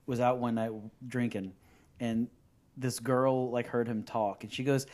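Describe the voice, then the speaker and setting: A man's voice: mid-range voice, fairly even intonation, unhurried, darkish tone. Wry man chatting casually. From New Orleans. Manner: dry, wry remarks, tells anecdotes. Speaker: podcast co-host. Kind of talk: casual chat.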